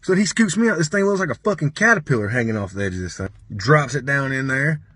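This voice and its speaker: A young adult man telling a comic story in a rambling, profane, deadpan way. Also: mid-range voice, quick pace, dry recording.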